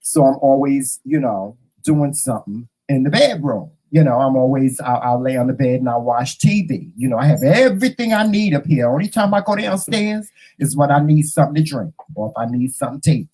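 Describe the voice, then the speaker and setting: A man hosting his own vlog, telling a story in a sassy, animated way straight to his viewers from a room at home. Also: medium pitch, a little fast, few pauses, husky, poor audio. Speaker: vlog host. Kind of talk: casual chat to camera.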